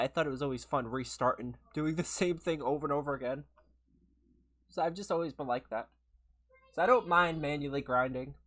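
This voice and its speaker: A young adult game streamer chatting casually with viewers while playing, a little hoarse after being sick, laughing often and greeting people by name. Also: medium pitch, a bit bright. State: slightly hoarse from a recent illness. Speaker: gaming livestreamer.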